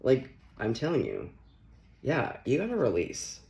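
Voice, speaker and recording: A man's voice: medium pitch, wildly swooping pitch, unhurried, creaky, darkish tone. A young man giving a casual, playful tarot reading, often laughing as he talks. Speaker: tarot reader.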